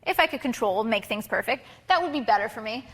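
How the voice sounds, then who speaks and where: Woman, photography instructor, bright forceful voice, casual filler-heavy delivery, long hall reverb. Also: on the high side, expressive, quick pace, husky. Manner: casual, chatty, many fillers and restarts. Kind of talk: live workshop talk.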